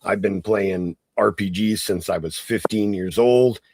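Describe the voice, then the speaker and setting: A man's voice: fairly low pitch, measured pace, a little mellow, no echo. A man chatting casually as a guest, enthusiastic and thinking aloud. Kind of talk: casual chat.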